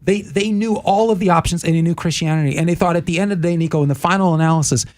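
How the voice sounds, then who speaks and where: A male talk-show host speaks with a somewhat higher voice. He delivers his points emphatically, like a sermon, and piles up words for effect. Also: rapid-fire, a little mellow.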